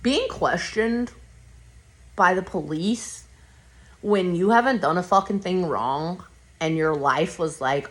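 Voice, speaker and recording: A woman hosting a podcast, telling a personal story in a blunt, rambling way full of swearing. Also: deep voice. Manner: blunt, profane, rambling retelling. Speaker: podcast host.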